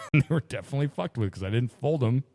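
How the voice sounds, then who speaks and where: A man's voice: medium pitch, expressive, a little fast, darkish tone. A man co-hosting a podcast, telling long, profane stories in casual chat. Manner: profane, rambling storyteller. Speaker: podcast co-host.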